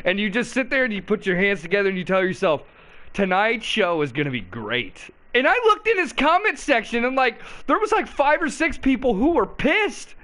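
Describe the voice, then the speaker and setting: Animated high-voiced man host, amused. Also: a little fast, few pauses. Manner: amused, laughing, animated storytelling. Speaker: show host reacting to a clip. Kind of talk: casual commentary.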